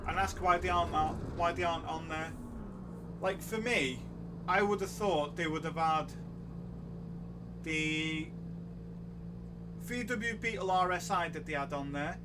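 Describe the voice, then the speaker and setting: A man's voice: a little high, a little slow, pauses often, noisy background. A man streaming a racing game, ranting in an exasperated, sarcastic way. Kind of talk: live gameplay stream chat. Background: loud music and car engine sounds.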